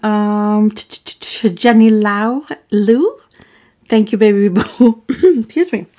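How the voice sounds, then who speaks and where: Woman vlogger doing shout-outs, calls everyone baby boo, trips on names. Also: medium pitch, takes it slowly. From Arab. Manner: stumbles over names. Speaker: mukbang vlogger. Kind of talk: casual shout-outs to viewers.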